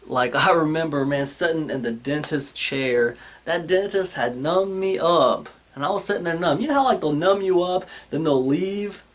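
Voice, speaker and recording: A man hosting his own channel, telling a personal story in a casual, rambling way, full of fillers like "man" and "you guys". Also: a little high. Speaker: channel host.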